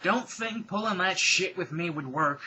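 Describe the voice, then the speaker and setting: A man's voice: mid-range voice, lively intonation, sharp tone, slight background noise. A man voicing a menacing, gun-toting villainess with a put-on Southern drawl. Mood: threatening. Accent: American Southern (put on). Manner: slow, threatening drawl.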